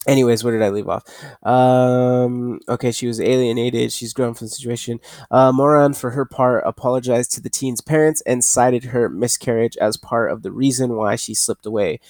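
A young man hosting a casual podcast, rambling and profane, reading news haltingly and laughing at himself. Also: medium pitch, fairly even intonation, darkish tone, no room sound. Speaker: podcast host.

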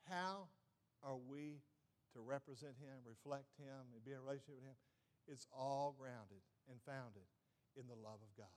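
A man's voice: on the high side, darkish tone. A middle-aged male pastor preaching a sermon with emphasis, often saying "watch this" and putting questions to the congregation.

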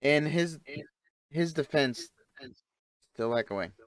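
Casting: male podcast co-host, smooth, clear voice, dry close sound, blunt and indignant. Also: fairly high pitch, animated, slow pace, no room sound. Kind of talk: casual chat.

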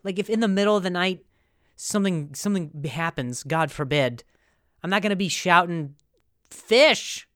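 A man's voice: sits high, a little fast, bright, forceful tone, dry recording, studio quality. A man hosting a podcast who rambles through a comic story with lots of fillers and mocks himself. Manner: rambling, filler-heavy, self-mocking. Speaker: podcast host. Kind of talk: comedic storytelling.

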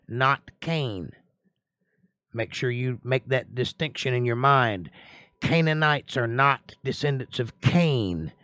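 A man as a relaxed Bible study teacher, mid-pitched, dry close sound, chatty and folksy. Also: dry recording. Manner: folksy, chatty, greets viewers by name; reads scripture aloud and comments on it.

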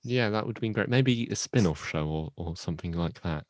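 A man's voice: sits low, expressive, fairly quick, dry recording. A man co-hosting a podcast, reviewing a TV episode in casual chat with dry, teasing jokes. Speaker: podcast co-host.

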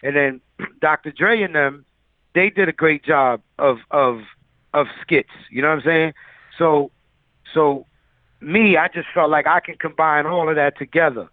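A man's voice: on the high side, measured pace, no room sound. A man who is a music producer, telling stories loosely in a casual interview, full of fillers. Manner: loose, filler-heavy storyteller. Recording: tinny phone-like line.

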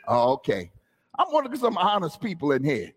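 A male pastor preaching in a church, swinging between easy talk with the congregation and shouted, almost sung phrases. His voice sits high and swoops widely. There is a husky grain to it. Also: huge pitch swings, normal speed. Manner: call-and-response, rising to shouts and sung phrases. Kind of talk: preaching a sermon. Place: church sanctuary.

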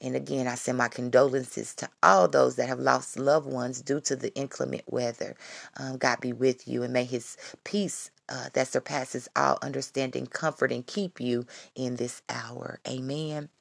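Gravelly low-voiced woman testifying. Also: moderate pace, no echo, studio quality. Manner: excited, repeats her phrases, calls out to listeners. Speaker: Christian vlogger giving testimony. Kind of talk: casual devotional talk.

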